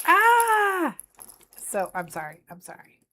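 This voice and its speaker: A woman's voice: fairly low pitch, measured pace. A woman streaming from her craft desk, chatting playfully and talking to her cat as she works. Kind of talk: casual chat while crafting. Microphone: desk mic, faceless desk view.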